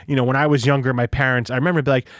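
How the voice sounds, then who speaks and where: A man's voice: medium pitch, level tone, racing, no echo. A young man hosting a podcast in casual chat, rambling and swearing, recorded on a studio microphone. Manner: swearing, rambling, laughs often. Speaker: podcast host.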